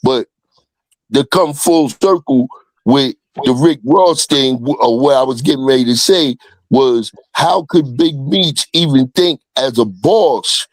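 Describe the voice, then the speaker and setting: A man's voice: medium pitch, a little slow, no echo, rough recording. A man on a casual podcast, making long rambling opinionated points.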